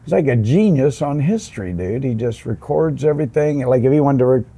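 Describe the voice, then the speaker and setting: A man's voice: medium pitch, lively intonation, brisk, warm tone, breathy edge. An older man, a veteran tattoo artist, talking bluntly and swearing freely as he tells stories in a casual interview. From United States. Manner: blunt, salty storyteller who swears freely.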